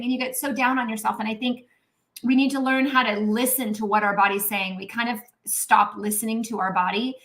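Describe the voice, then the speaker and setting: A middle-aged woman, a naturopathic doctor, talking casually and animatedly in a live Q&A, with lots of "um" and "right?", now and then clearing her throat. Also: fairly high pitch, a little fast. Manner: chatty and animated, acts out inner voices; frequent "um" and "right?" tags.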